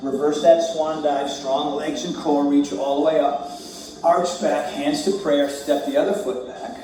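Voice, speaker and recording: A man's fairly high, mellow voice talks a class through yoga poses, easygoing and joking as he moves. He sounds far from the camera in a very echoey room. Soft music plays faintly underneath. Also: fairly even intonation, measured pace. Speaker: yoga instructor.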